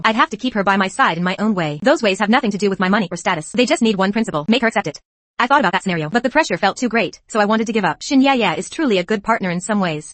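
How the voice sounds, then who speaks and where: Fast, dry female voice-over narrator. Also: mid-range voice, a bit bright, dry recording. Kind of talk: scripted first-person narration of a motion comic dub.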